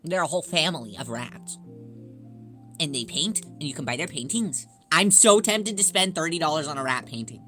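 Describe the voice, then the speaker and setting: Woman, livestreamer, casual chat with viewers, excitable, very animated pitch, faint background music. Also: normal speed. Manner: excitable and gushing, greets chatters.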